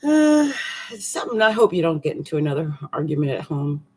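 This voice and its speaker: A woman astrologer talking casually through a monthly forecast, chatty and animated, with slangy asides and frequent laughs. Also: sits low, fairly quick, breathy edge.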